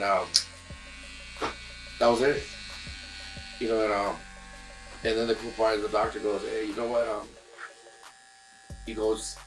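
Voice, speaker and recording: A man's voice: on the low side, slight background noise, poor audio. A man, a guest musician in casual chat in a barbershop, telling a long story with many fillers and restarts.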